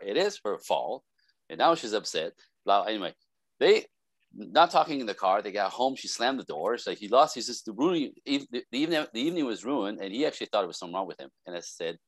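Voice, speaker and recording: Recorded dry, a man with a mid-range voice speaks as a relationship expert guest on a casual podcast. He tells animated stories and imitates the voices of those he quotes.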